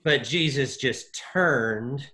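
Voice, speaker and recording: A man discussing a Bible passage in casual chat, animated, acting out the figures' lines with lots of fillers. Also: medium pitch, extremely slow. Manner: animated, acts out quotes, many fillers.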